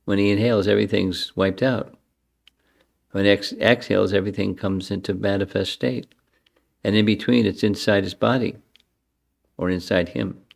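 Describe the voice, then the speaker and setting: With a lowish, gravelly voice and fairly even intonation, an older man leads a scripture lecture at moderate pace, leaving long pauses. As a spiritual teacher, he chants the verses before unpacking them in conversational terms.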